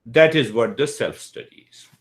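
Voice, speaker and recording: Slow and deliberate, this older yoga philosophy teacher raises questions and supplies the answers himself. His voice sits in the mid range with lively intonation.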